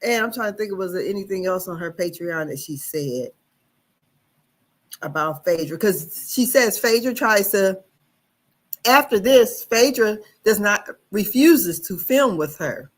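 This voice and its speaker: A woman's voice: mid-range voice, expressive, a little slow. A woman hosting a casual gossip commentary, rambling and hesitant as she recaps reality-show drama. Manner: rambling, hesitant, many fillers and restarts. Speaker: gossip channel host.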